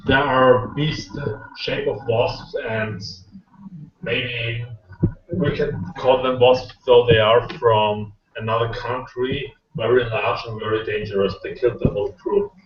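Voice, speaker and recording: A man playing a tabletop game who speaks in an earnest, deliberate way. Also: medium pitch, fairly even intonation, noisy background. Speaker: player. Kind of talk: tabletop role-play. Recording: roomy, distant, dull recording.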